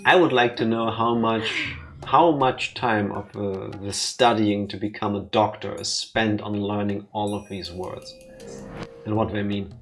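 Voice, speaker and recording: A woman's voice: rumbling low, steady tone, a little slow, soft background music. A woman co-hosting a visual novel let's play, chatting casually, swearing and explaining words. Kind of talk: casual gameplay commentary.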